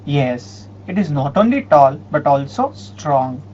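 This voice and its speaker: A woman teacher voicing a calm, patient father explaining things to his son in a slow, steady way. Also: low-pitched, muffled recording, a little hiss or hum, voice pushed down, heavily acted.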